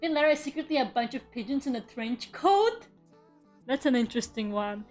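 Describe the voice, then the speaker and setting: A woman's voice: high-pitched, sing-song, normal speed, darkish tone, faint music behind. A young adult woman streaming while she draws, chatting playfully with viewers, muttering to herself as she works and bursting into dramatic shrieks. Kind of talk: casual live-stream chat while drawing.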